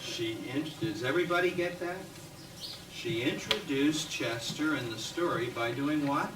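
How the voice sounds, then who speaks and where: A man's voice: on the high side, a little slow. A male teacher leading a classroom demonstration lesson. He coaxes the students and repeats their sentences back to the class. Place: classroom with grade-five students. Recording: roomy, distant, noisy classroom recording.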